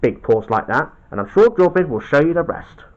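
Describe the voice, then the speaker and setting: A man's voice: on the high side, lively intonation, lightly acted. A man voicing a playful, jokey male puppet character who teases and chats along. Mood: curious. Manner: playful, joking, quick to tease. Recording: dull lo-fi home recording.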